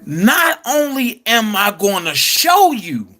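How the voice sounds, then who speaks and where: A man hosting an online commentary show, speaking in a casual, emphatic way with drawn-out phrases. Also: high-pitched, big pitch swings, a bit bright. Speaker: commentary channel host.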